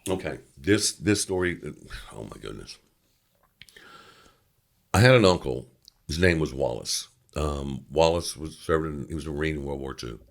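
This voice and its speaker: A middle-aged man from Louisiana, a guest actor telling a story in an interview, animated and loose with conversational fillers. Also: rumbling low, normal speed, gravelly.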